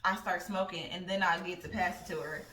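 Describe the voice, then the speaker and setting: A young woman vlogger telling a casual, profane story in a blunt, animated way. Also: on the low side, fairly quick, a little hiss or hum. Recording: roomy sound from a distant mic.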